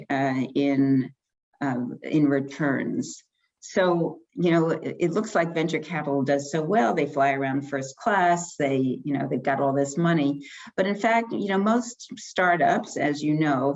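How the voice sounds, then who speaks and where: A woman's voice: deep voice, darkish tone, lo-fi sound. A woman lecturer giving an informal talk about slides, conversational, with frequent ums and restarts.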